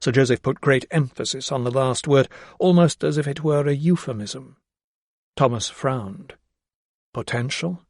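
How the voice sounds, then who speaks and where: With an even, measured delivery, a man reads scripted audiobook narration. His voice is mid-range, and the recording is dry, clean studio sound.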